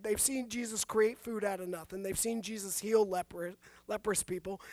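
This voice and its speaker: A woman pastor preaching a sermon, animated, asking the listeners rhetorical questions and making self-deprecating asides. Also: high-pitched, dry recording.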